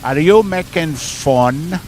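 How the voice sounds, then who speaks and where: A man's voice: fairly high pitch, lively intonation, slow, voice pushed up. A man putting on an old-timey nineteen-thirties movie cop in an improvised comedy sketch, calling people sonny boy. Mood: needling.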